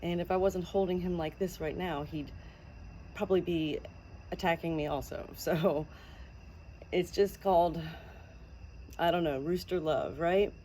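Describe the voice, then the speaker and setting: A woman's voice: lowish voice, measured pace, long pauses, warm tone, a little hiss or hum, low-quality recording. A woman vlogging casually to the camera about her pet rooster at home, upbeat and cooing at the bird.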